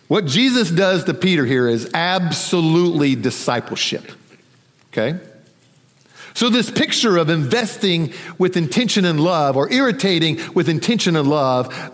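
A man delivers a conversational sermon, his pitch ranging widely and sitting a little high. He slips into the voices of the people in the story as he talks. The sound carries the long reverb of a church hall. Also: normal speed. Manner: animated, acts out quoted voices, conversational. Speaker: pastor.

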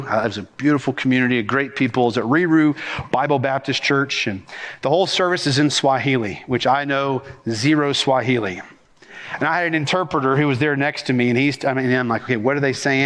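A man, a senior pastor preaching a sermon with rhythm and animated cadence. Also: medium pitch. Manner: rhythmic, animated preaching with talk of speaking fast.

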